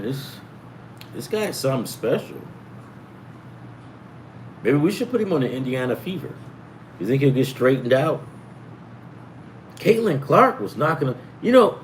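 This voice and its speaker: Middle-aged man, casual betting-show host, profane storyteller, very lively intonation, faint background noise. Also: medium pitch. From US East Coast. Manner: profane, animated, acts out quoted voices. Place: home in California.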